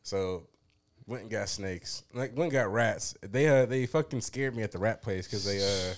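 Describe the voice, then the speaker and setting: A man telling a long story in a casual, profane chat, acting out quotes with sudden high-pitched outbursts. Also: moderate pace.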